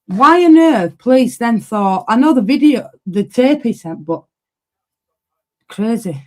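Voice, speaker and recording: A woman's voice: a little high, animated, unhurried. A woman from Yorkshire with a Yorkshire accent, co-hosting a true crime chat in a plain-spoken, questioning way. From Yorkshire, England. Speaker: podcast co-host. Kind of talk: casual chat.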